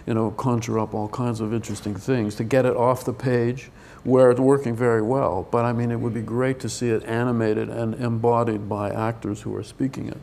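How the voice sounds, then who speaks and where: A man's voice: mid-range voice, little pitch movement, a little fast, creaky, few pauses, a little mellow, a little hiss or hum. An older man, a film director, answering questions at a press event in a rambling, hesitant way, full of restarts.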